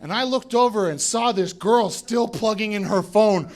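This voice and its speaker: A male stand-up comedian from Colorado telling a story on a club stage, acting out quotes with animated bursts and shouts. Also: sits high, normal speed. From Colorado, USA. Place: comedy club stage before a live audience.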